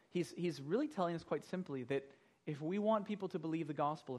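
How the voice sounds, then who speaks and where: Male pastor, earnest Bible teacher, slightly higher-pitched man. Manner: earnest, explanatory, repeats words.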